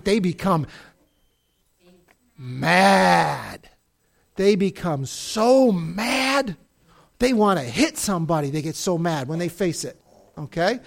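A Bible teacher telling stories to a class in an expressive way, swinging between loud outbursts and hushed moments and calling on people to read. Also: mid-range voice. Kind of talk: animated Bible story lesson.

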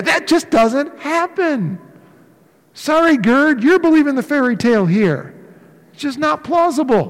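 A man preaching a sermon in an animated way, acting out the voices of the people in his story. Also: very high-pitched. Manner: animated, acts out voices of disciples. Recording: long reverb of a large hall.

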